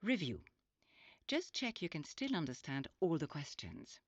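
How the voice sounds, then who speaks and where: Patient woman teaching in a deep voice. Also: huge pitch swings, a little slow, dry recording. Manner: clear, patient, instructive. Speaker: language teacher. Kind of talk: scripted lesson narration. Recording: dull lo-fi audio.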